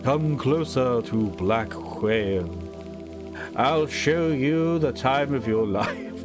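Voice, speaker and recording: A man voicing a mysterious cosmic whale spirit in a horror game, speaking slowly and soothingly. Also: mid-range voice, lively intonation, music in the background. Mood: beckoning.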